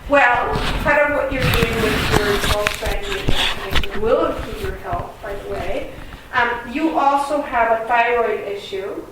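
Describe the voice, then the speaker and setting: A woman channeling a kind, loving male cosmic being called Commander Ashtar. She teaches in a calm, earnest, reassuring way. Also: on the high side, normal speed, natural voice. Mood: instructive. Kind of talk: channeling session. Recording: very echoey room, distant mic, noisy.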